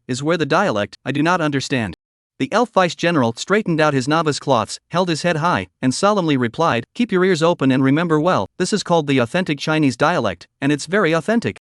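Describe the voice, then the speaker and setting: A man narrating a manhwa recap, reading every part in one even voice. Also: on the high side, dry recording, clean studio sound.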